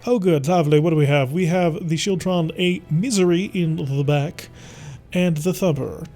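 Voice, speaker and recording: Faint music plays behind a man whose voice is a little high and mellow, at a moderate pace. He gives theatrical, playful let's-play commentary on a strategy game, speaking to the enemies as he goes.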